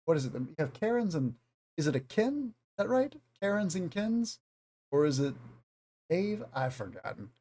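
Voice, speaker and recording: A man's voice: medium pitch, mellow. Southern US man teaching casually. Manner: rambling, conversational, self-aware. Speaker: English teacher. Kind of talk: unscripted video lesson.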